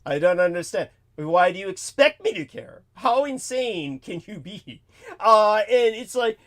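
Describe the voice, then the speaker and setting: Here the host's voice is high-pitched, very animated and fairly bright, though he keeps a measured pace. It's a storytelling monologue delivered as a profane, exasperated rant, veering between mutters and outbursts.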